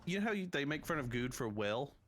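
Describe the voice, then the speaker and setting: A man's voice: mid-range voice, big pitch swings, fast, a bit bright, slight background noise. A man from North Carolina with a Southern US accent, hosting a casual podcast chat and laughing often as he explains things. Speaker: podcast host.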